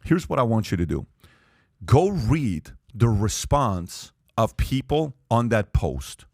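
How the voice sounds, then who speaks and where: A man's voice: medium pitch, very animated, takes it slowly, a little mellow, no room sound. A man hosting a podcast, pressing his points with rhetorical questions to the panel. His voice sits in the middle range, and the studio sound is dry and close. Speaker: podcast host. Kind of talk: animated podcast talk.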